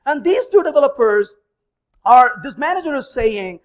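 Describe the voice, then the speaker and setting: Animated storytelling man speaker. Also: extremely high pitch, moderate pace. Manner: animated, acts out dialogue in stories. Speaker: conference speaker. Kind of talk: storytelling technical talk.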